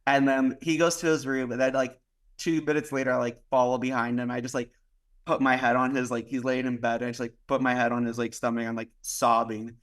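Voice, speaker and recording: A man's voice: medium pitch, flat delivery, brisk. A young man from Miami, a podcast guest, tells a personal story in loose casual chat, full of "like" fillers, acted-out dialogue and the odd swear word. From Miami, United States. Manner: rambling, heavy use of "like", acts out quoted dialogue. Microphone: podcast microphone.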